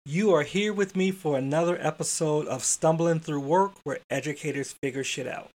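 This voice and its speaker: A man's voice: a little high, moderate pace, a little mellow. A man hosting a podcast, telling a work story in a casual, chatty way and talking straight to his listeners. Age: adult father. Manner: chatty, addresses listeners as y'all, mild swearing. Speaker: podcast host.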